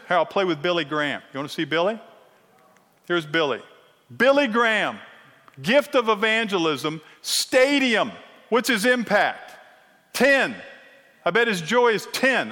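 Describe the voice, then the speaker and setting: High-voiced male preacher in a big hall. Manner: animated, teasing, keeps checking in with "okay?". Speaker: Bible teacher. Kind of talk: sermon-style teaching. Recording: long reverb of a large hall.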